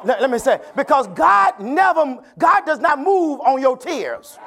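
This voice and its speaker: A bishop preaching a sermon at a church service, calling out to the congregation and building to shouts, repeating phrases for emphasis. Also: male voice, very high voice, sing-song, a little slow, hardly any pauses, some chatter behind. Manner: repeats phrases, tells listeners to turn to neighbor.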